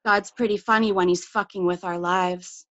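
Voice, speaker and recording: Woman, poetry reading, measured and intimate, muffled lo-fi call audio, dry sound. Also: on the low side, steady tone, fairly bright tone, no echo. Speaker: poet.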